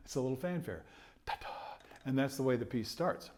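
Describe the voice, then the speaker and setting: A man's voice: medium pitch, lively intonation, fast, darkish tone. A man teaching trumpet, patiently explaining rhythm and phrasing, now and then chuckling and singing rhythms aloud. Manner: chuckles between points. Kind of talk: music lesson explanation.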